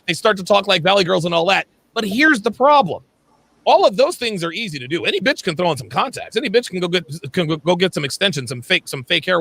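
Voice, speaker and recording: Man, livestream host, high, gravelly, bright, animated. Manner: blunt, emphatic and profane, calling on panelists. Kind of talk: panel discussion on a livestream.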